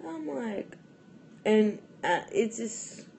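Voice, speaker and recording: A woman's voice: mid-range voice, lively intonation, very slow, vocal fry, a little mellow, a little hiss or hum. A young adult woman vlogging in a casual, rambling chat to camera, full of fillers and restarts and often breaking into laughs.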